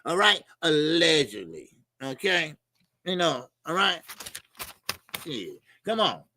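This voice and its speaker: A man's voice: on the high side, sing-song, takes it slowly, bright, forceful tone, a little hiss or hum. A middle-aged man hosts a casual boxing livestream. He talks loose and profane, laughs a lot and reads out viewer comments and donations.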